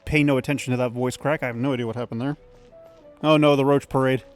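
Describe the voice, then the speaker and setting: A man's voice: medium pitch, fairly even intonation, fast talker, faint music behind. A man hosting a let's play, giving casual, rambling, opinionated commentary and swearing casually.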